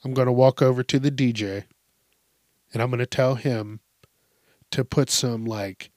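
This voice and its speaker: A man's voice: medium pitch, fairly even intonation, unhurried, a little mellow, dry recording, clean studio sound. A young man giving casual commentary on reader stories, swearing freely and laughing as he vents in mock outrage. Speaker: story commentator.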